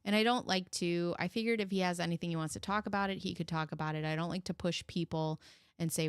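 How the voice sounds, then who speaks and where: A woman's voice: lowish voice, fairly even intonation, quick pace, clear, resonant tone, no room sound, clean studio sound. A woman hosting a commentary show, reading deposition questions and answers aloud and adding sarcastic, mocking asides.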